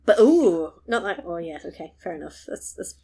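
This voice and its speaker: Animated woman telling a story. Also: fairly low pitch, normal speed, breathy edge. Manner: animated storytelling, laughs often. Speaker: podcast host recapping a film. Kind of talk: casual chat.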